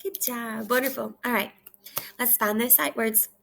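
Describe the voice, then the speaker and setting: A woman teaching kindergarten, reading aloud slowly and clearly in a repeat-after-me lesson from her kitchen at home. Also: a little high, steady tone, a bit bright, a little hiss or hum. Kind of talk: slow read-aloud lesson for young children.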